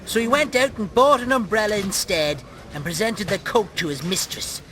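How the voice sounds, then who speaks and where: An actor voicing a foul-mouthed, grumpy Irish puppet farmer who tells a tale with scorn and insults, in an Irish accent. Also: male voice, high-pitched, animated, normal speed, bright, forceful tone, slight background noise. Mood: storytelling. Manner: scornful, barking insults, relishing a spooky tale. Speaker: puppet co-host.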